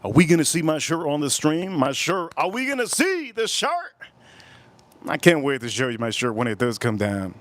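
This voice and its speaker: A man hosts a casual live stream, animated as he reads out chat messages and gives shout-outs. He repeats phrases and swings from loud bursts to low mutters, talking briskly with few pauses, and there's no room sound.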